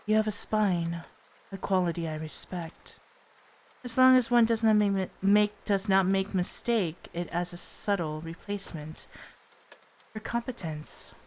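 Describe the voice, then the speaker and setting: A woman voicing a calm, mysterious adult witch while reading a visual novel aloud, soft and formal. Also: medium pitch, a little slow, natural voice. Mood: cool.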